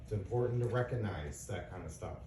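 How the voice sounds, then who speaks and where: A middle-aged father lectures his children earnestly, working through examples and asking them questions. His voice sits low and mellow. He sounds a little far from the mic, in an echoey room. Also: a little fast, slight background noise. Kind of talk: casual lecture to kids.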